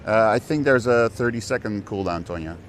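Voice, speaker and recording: A man's voice: fairly low pitch, fairly quick, slight background noise. A young Dutch man, a native Dutch speaker, chatting casually on a live stream from a city street and talking with his chat and people passing by. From Netherlands. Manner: chatty and rambling, talks to chat and passersby.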